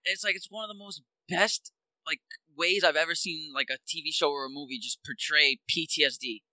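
A man in casual chat, excited and quick to act out sounds. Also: on the high side, no echo, low-quality recording.

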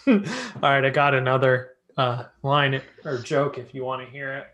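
Bright-voiced man hosting a skate chat. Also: medium pitch, unhurried, a little hiss or hum. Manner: relaxed, jokey, reads from notes. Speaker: podcast host. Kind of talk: casual chat reviewing a skate video.

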